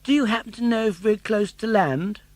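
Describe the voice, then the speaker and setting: A man's voice: normal speed, no echo, natural voice. An actor voicing a brave, eager young wooden puppet boy in an audiobook. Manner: high excited boyish voice. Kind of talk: audiobook character voice.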